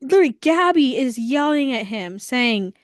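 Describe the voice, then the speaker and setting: A woman with a higher voice co-hosting a loose podcast chat, blunt and exasperated as she rants, swearing freely. The sound is dry and close, with no room around it. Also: expressive, moderate pace, no room sound. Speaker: podcast co-host. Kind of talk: casual chat.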